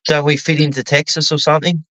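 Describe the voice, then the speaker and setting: A man's voice: a little high, level tone, fast talker, pushed and bright, no echo. A middle-aged Australian man chatting casually, rambling and swearing as he thinks aloud. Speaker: podcast co-host. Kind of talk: casual chat. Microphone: online call mic. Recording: dull lo-fi dry sound.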